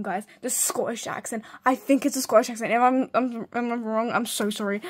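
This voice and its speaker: Tired, giggly young woman with a high voice touring her sketchbook on camera. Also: fairly quick, few pauses. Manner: excitable, giggly, gushing. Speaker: art student showing a sketchbook. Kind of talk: casual sketchbook tour chat.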